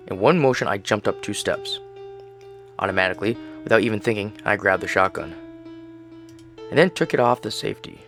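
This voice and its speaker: A man narrating a horror story game in the first person, with tense, hushed storytelling. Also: lowish voice. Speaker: gamer reading a story game.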